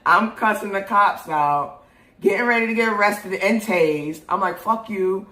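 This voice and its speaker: Animated, cussing young New woman. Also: mid-range voice, moderate pace. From New York. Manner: animated, profane, laughs often. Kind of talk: casual storytelling. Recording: roomy echo.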